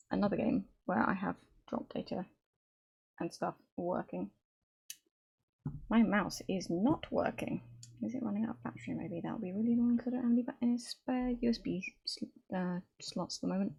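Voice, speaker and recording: A woman game developer talking casually on a live stream while she codes at her desk. She thinks aloud, halting and restarting often. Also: medium pitch, gravelly, husky. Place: home desk.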